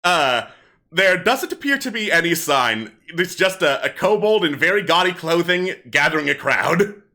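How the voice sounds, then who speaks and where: A man's voice: fairly high pitch, very animated, normal speed, pushed and bright. A man narrating a tabletop game as game master, laid-back and chuckling, with many fillers.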